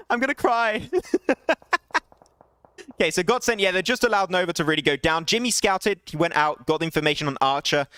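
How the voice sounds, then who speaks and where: Fast, high-voiced young male esports caster. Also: no room sound. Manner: excitable, rising to shouts at big plays, laughing apologies to chat. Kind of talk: solo live esports play-by-play.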